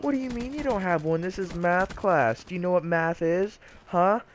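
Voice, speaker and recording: A man's voice: medium pitch, sing-song, moderate pace, a little hiss or hum, close to an everyday voice. A young man voicing an angry female math teacher who screams and scolds her class. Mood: angry scolding.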